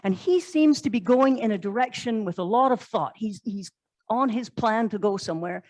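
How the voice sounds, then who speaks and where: A woman's voice: fairly high pitch, animated, normal speed, a little mellow, dry recording, low-quality recording. A woman pastor, preaching a sermon in a conversational way, telling stories and asking rhetorical questions. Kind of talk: sermon storytelling. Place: church.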